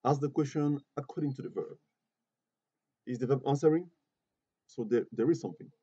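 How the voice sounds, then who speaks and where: A man's voice: mid-range voice, fairly quick, warm tone, slightly rough, dry recording. A man teaching an English grammar class in a classroom, patiently repeating himself and asking the students questions. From Côte d'Ivoire. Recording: muffled lo-fi classroom recording.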